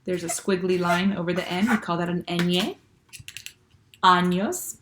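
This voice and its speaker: A woman teaching young children, speaking slowly and clearly and checking often with "okay?". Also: on the low side, fairly even intonation, noisy background. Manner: patient, slow and clear, with many "okay?" checks. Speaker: Spanish teacher. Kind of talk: classroom lesson for children.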